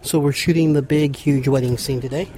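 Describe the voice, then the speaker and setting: A man's voice: medium pitch, fairly even intonation, a little fast, dark tone, a little hiss or hum. A man interviewing actors on a film set, upbeat with short reactions. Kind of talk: behind-the-scenes interview.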